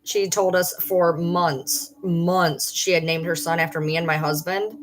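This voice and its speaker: A middle-aged woman on a livestream recounts events in a blunt, profane, animated way. Her voice sits a little low. She talks in a loose, conversational stream. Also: measured pace. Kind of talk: casual livestream storytelling.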